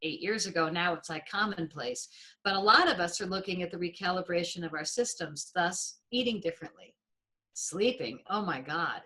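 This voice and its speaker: A woman being interviewed, telling her experiences in an expressive way and acting out her own reactions. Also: lowish voice, rough recording. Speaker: interview guest. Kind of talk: animated storytelling in an interview.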